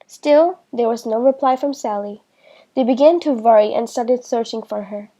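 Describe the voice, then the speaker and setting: A woman's voice: fairly high pitch, normal speed, dark tone. Woman reading a children's book aloud. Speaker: storyteller.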